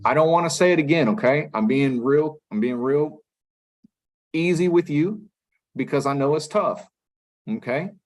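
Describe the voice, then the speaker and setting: A man's voice: a little high, normal speed, pauses often, poor audio. A man serving as magistrate judge at a first appearance hearing, speaking firmly but patiently and repeating himself to keep the defendant listening. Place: courtroom.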